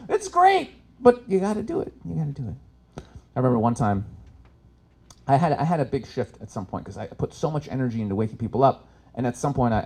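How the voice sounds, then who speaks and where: A man performing live stand-up, telling stories with sudden loud shouted impressions. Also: medium pitch, breathy edge. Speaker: stand-up comic. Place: expo stage before an audience.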